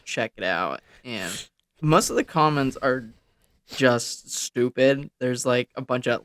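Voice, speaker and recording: Smooth-voiced, dry-witted podcast guy. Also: medium pitch, expressive, slow, fairly bright tone, no room sound. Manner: dry, teasing remarks. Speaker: podcast co-host. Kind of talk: casual chat.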